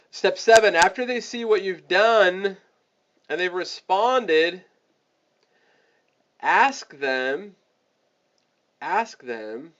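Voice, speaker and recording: A man teaching a webinar, giving energetic step-by-step sales coaching and acting out the scripts for his listeners. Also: fairly high pitch, dull audio. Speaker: online marketing coach.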